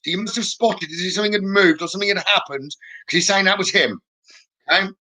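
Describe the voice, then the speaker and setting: Bright high-voiced psychic medium. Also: male voice, quick pace. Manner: chatty, relays messages with frequent "okay?". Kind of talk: live-streamed spirit readings.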